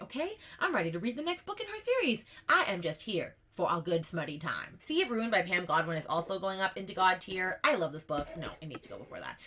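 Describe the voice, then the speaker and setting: A woman talks fast in a casual book vlog, ranking her reads. Her voice is bright and forward, and she gushes with emphatic repeats and a running "okay?" at the end of her points. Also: on the low side. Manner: gushing, emphatic, tags lines with "okay?". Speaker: book vlogger. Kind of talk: casual tier-ranking chat.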